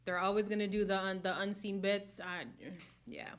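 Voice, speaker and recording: A woman's voice: medium pitch, level tone, normal speed. A young woman hosting a live stream, chatting casually and candidly with viewers and laughing often. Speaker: host of a live reality-show chat stream.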